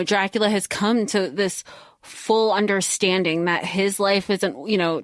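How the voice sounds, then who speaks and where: A woman co-host at an ordinary middle pitch, chiming in with eager asides during a casual podcast chat. Her voice sounds dry and close to the mic. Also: no room sound.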